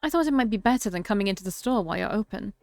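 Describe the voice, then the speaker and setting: A woman voicing a fiery, blunt young woman in a visual novel, quick to take offense. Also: medium pitch, animated, soft background music, natural voice. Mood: annoyed. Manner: indignant, sharp.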